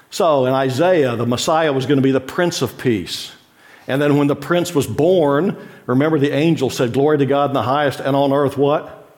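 Speaking in a fairly high voice, a middle-aged male pastor delivers a conversational sermon, regularly putting questions to his listeners and laughing lightly.

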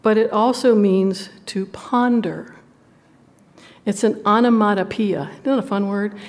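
Slow-talking folksy Southern woman teacher. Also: mid-range voice, fairly even intonation, darkish tone. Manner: folksy and playful, reads scripture slowly. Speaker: women's Bible study teacher. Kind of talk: Bible teaching to a live group.

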